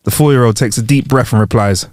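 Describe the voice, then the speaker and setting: A man's voice: medium pitch, quick pace, dry recording, clean studio sound. A man co-hosting a comedy podcast, telling jokes aloud and laughing often. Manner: animated, laughs a lot, acts out characters in jokes. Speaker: podcast co-host. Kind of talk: joke-telling podcast chat.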